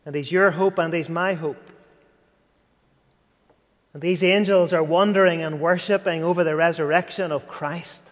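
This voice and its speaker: High-pitched guy preaching, fervent then soft, big hall reverb. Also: fairly even intonation, normal speed, long pauses. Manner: earnest, rising to fervent, dropping to near whisper. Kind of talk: sermon.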